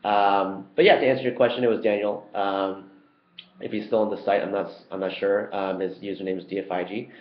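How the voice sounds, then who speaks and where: A young man answers community questions in a loose, conversational way, pausing often with ums and uhs. His voice sits fairly low. The sound is roomy and a bit dull and lo-fi. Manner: relaxed and chatty, many ums and uhs. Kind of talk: casual Q&A video.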